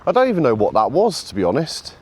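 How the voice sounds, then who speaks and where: A man talking casually while he walks his dog outdoors, calling out to it in a high sing-song voice between remarks on training, recorded on a camera he carries. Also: huge pitch swings, fast talker, darkish tone, husky. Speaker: dog owner and trainer filming a walk. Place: outdoors on a countryside walk. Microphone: camera carried while walking.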